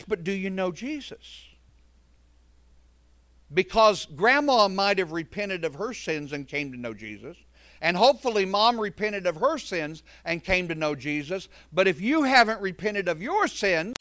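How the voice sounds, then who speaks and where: A man's voice: high-pitched, a bit bright, no echo. A man preaching a verse-by-verse sermon, earnest and emphatic, breaking off into conversational asides.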